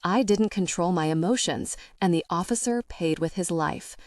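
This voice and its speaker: A woman voicing a grieving, guilt-ridden young woman who talks in halting, anguished confessions. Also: fairly low pitch, darkish tone, no room sound, clean studio sound, natural voice.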